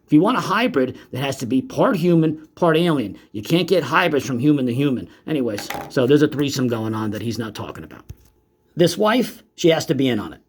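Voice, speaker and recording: A man's voice: mid-range voice, sing-song, brisk, breathy edge. A man giving casual commentary on videos in a sarcastic, mocking, profane manner. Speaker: YouTube commentator.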